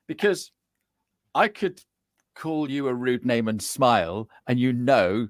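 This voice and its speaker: A middle-aged man, a guest chatting casually on a podcast and telling cheeky, animated stories. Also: mid-range voice, takes it slowly, no room sound. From England. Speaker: guest, business coach.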